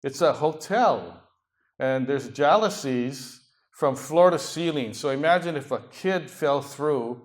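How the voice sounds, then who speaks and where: Man, slightly high voice, seminar presenter, joking asides, talking to a conference room audience. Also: lively intonation, slow pace. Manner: joking asides between slide points. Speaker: seminar speaker.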